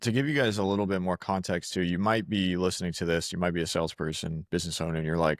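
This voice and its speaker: A man's voice: low voice, quick pace, no echo, studio quality. A man hosting a podcast, talking casually and hyping up his guest. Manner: relaxed, hypes up his guest. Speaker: podcast host.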